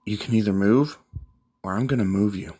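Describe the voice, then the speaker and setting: A man's voice: lowish voice, normal speed, mellow, slightly rough. A man voicing an angry, grieving young male demigod hero who talks bitterly in a fan-made story. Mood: cold. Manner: bitter, vengeful.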